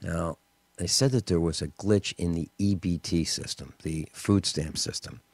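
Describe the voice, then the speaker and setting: A man hosting a talk radio show, telling stories and ranting in an indignant, animated way with mocking asides. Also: deep voice, moderate pace, husky, no echo.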